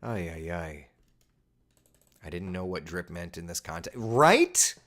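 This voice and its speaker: A man in his late thirties with a light lilt, hosting a relaxed weather livestream chat. His pitch swings widely, jumping high on exaggerated disbelief and dropping low for wry remarks, in a friendly, conversational way. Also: takes it slowly. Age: 30s. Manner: animated, exaggerated incredulous asides. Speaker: weather host. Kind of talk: casual livestream chat reading viewer comments.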